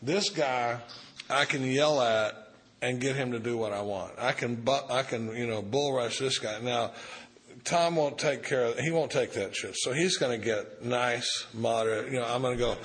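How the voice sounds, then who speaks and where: A man's voice: medium pitch, moderate pace, fairly bright tone. A man giving an informal, folksy talk at a recovery meeting, reading a passage and then riffing on it in blunt, salty language. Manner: folksy, profane, reads a passage then riffs on it. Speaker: recovery group speaker.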